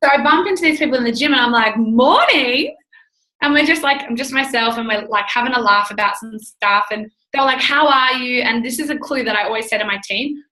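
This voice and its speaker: A woman's voice: on the high side, pushed and bright, echoey room, rough recording. A woman in her twenties, a guest entrepreneur chatting on a call, bubbly and effusive, acting out the people she quotes. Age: 20s. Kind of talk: casual call chat.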